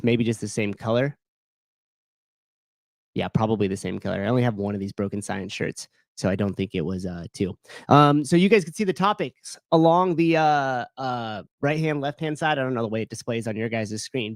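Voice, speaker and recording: A man's voice: mid-range voice, no room sound. Casual rambling man, dry close sound. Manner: rambling, self-interrupting, reads live chat. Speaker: show host. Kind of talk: casual livestream chat. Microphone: desk mic.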